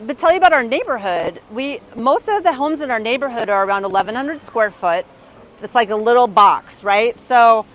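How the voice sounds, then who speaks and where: A woman in her fifties, a real estate agent giving a motivational keynote story on stage, lively and peppered with "right?". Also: on the high side, low-quality recording. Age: 50s. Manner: lively, tag questions like "right?". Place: conference stage.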